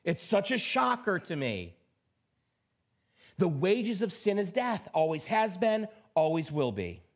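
A high-voiced man preaches a sermon, pressing his points with emphatic swings between raised exclaims and low, slowed stresses. He mixes in playful, chatty asides. The recording sounds dull and lo-fi. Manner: playful asides, mock self-talk. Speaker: pastor.

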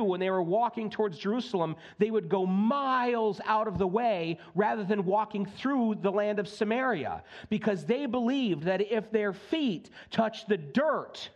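Male pastor with a fairly high voice, preaching casually and acting out the quotes. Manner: conversational, folksy preaching with acted-out quotes. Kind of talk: sermon. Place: church sanctuary.

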